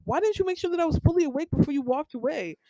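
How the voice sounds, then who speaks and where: A woman's voice: sits high, lively intonation, rapid-fire, mellow, no room sound, pitched above the performer's own voice, poor audio. A woman imitating her exasperated, defensive middle-aged mother, whiny and self-justifying. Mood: accusing.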